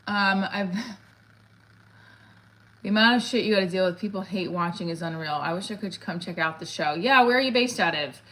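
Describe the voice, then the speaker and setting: A woman's voice: mid-range voice, moderate pace, a bit bright. A middle-aged woman, a comedian, chatting casually on a livestream, rambling and reading viewer comments aloud.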